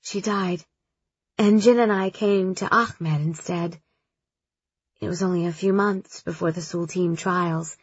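A woman voicing a gentle, wistful young woman who speaks softly and reflectively. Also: fairly low pitch, steady tone, a little slow, husky, dry recording, muffled recording.

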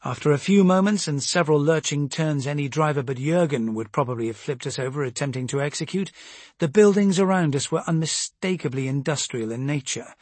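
A man giving steady, measured first-person audiobook narration. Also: a little high, no echo.

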